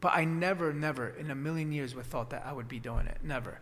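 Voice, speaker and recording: A man's voice: a little high, fast talker, a bit bright, big-room sound. A man telling his story in a casual conversation, rambling with lots of restarts and fillers. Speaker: acupuncturist guest.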